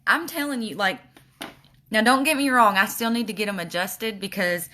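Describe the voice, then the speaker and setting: A woman's voice: medium pitch, moderate pace, bright, forceful tone, a little hiss or hum. A woman with a slight lisp, chatting casually while showing makeup on a livestream. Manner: chatty, reads viewer comments aloud.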